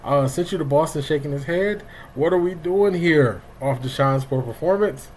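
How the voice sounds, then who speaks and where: A man's voice: a little high, moderate pace, darkish tone, a little hiss or hum, low-quality recording. Chatty middle-aged man hosting a live stream. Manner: greets chat viewers by name, loose and talkative. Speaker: livestream sports show host. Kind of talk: casual live-stream chat.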